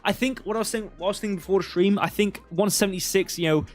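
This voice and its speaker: Male stream host, a bit high-pitched, loose and chatty, thinks aloud over charts. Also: fast talker, faint music behind. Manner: rambling, filler-heavy, thinking aloud. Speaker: crypto livestream host. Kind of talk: casual live chart commentary.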